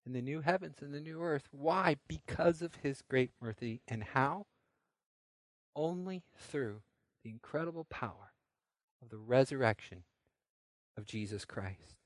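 A male pastor preaching a recorded sermon alone in a room, moving between quiet scripture reading and loud call-and-response revival exhortation. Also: mid-range voice, animated, unhurried, pauses often, no room sound. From Midland, Michigan area church. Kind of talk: recorded sermon to home viewers. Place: room alone without congregation.

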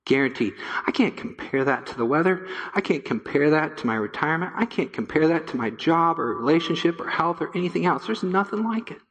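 A male pastor preaching a sermon to his church, emphatic, repeating key phrases and dropping to a low hush. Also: lively intonation, brisk, few pauses, in a large hall. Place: church sanctuary.

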